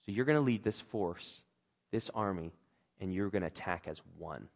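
A man's voice: normal speed, gravelly. A man preaching a sermon, acting out scripture characters with big swings in his voice. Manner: animated, acts out characters' lines with big pitch swings. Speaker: pastor.

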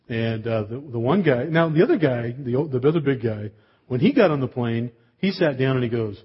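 Male pastor, husky voice, storytelling sermon delivery, dull lo-fi recording. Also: medium pitch, lively intonation, a little fast. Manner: storytelling with humor and asides.

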